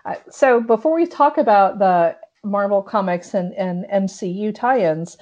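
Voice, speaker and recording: A woman hosting a casual podcast discussion, animated and acting out quoted lines as she talks. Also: mid-range voice, measured pace, dull audio. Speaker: podcast host.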